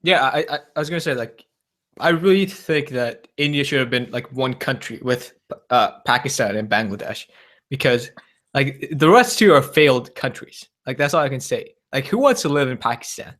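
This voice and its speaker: A man's voice: mid-range voice, lively intonation, moderate pace, a bit bright. A man chatting casually in a discussion, easygoing and agreeable, with many "like"s. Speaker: discussion participant. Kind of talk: casual chat.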